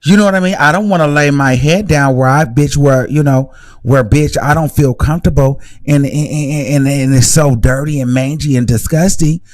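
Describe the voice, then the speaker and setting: Sassy high-voiced man dishing gossip. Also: normal speed, dry recording. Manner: sassy, animated gossip with shrieking laughs and mock voices. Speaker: commentary host. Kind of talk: live reaction commentary.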